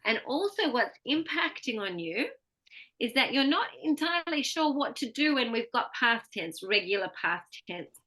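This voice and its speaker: A woman's voice: fairly high pitch, very animated, normal speed, sharp tone. An Australian woman giving a one-on-one pronunciation lesson, patiently explaining and modeling words for her student to repeat. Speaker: pronunciation coach.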